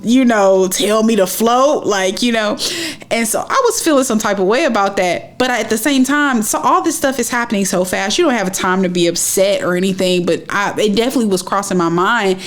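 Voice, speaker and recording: A young woman retelling a personal story in a casual, animated way, stressing and repeating her phrases. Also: medium pitch.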